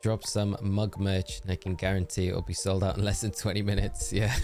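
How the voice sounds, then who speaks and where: This is a man with a fairly low, worn-out voice, chatting easily to his live-stream audience. He sounds upbeat and friendly, with soft game music playing underneath. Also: flat delivery, fairly quick, hardly any pauses. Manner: chatty and upbeat, thanking viewers by name. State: tired voice. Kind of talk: casual live-stream chat while gaming.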